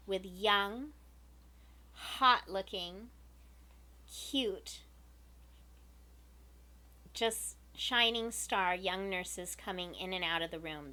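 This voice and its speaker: A woman earnestly telling a personal story to her viewers, emotional and unhurried. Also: mid-range voice, bright, forceful tone. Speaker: vlogger.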